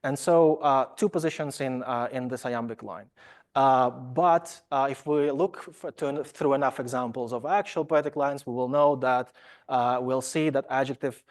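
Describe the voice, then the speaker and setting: A man's voice: mid-range voice, moderate pace. A man giving an academic lecture, talking hesitantly with many fillers and restarts, and slipping in wry asides about himself. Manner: wry self-deprecating asides.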